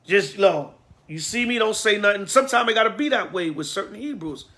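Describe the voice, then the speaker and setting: Fiery, blunt man preaching high and forceful. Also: animated, fairly quick. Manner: blunt, slangy and fiery, with digressions. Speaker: priest. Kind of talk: preaching Bible class.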